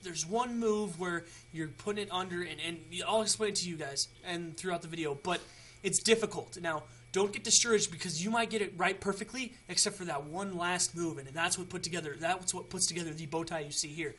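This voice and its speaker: A man's voice: high-pitched, brisk, sharp tone. A young man hosting a casual how-to video, chatty and rambling with frequent restarts. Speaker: tutorial host.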